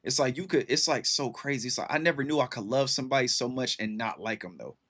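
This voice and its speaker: A man's voice: medium pitch, fast talker, a bit bright, breathy edge. Laid-back man chatting on a stream. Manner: laid-back, rambling, lots of fillers and slang. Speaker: livestream host. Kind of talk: casual chat with viewers.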